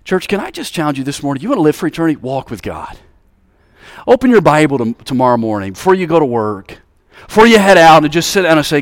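A man's voice: very animated, fast, no echo, studio quality. A man from Alabama with a Southern American accent, preaching a sermon and calling out to the congregation with rising fervor. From Alabama, USA. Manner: rises to high-pitched fervent exhortation, calls out to congregation.

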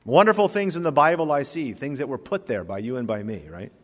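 Male preacher, mid-pitched, dramatic loud-and-soft sermon delivery, long hall reverb. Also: animated, fairly quick. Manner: dramatic preaching, swinging between loud emphasis and quiet asides; reads scripture in King James wording. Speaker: pastor.

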